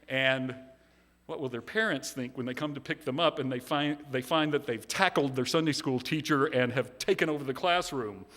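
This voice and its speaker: A man's voice: mid-range voice, normal speed, a bit bright. A male minister giving a sermon, telling a story with earnest, self-deprecating humor. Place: large church sanctuary. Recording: long hall reverb.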